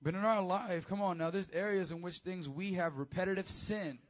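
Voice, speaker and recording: A man preaching a casual, high-energy sermon to teenagers as youth pastor, with call-and-response. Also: moderate pace, muffled recording.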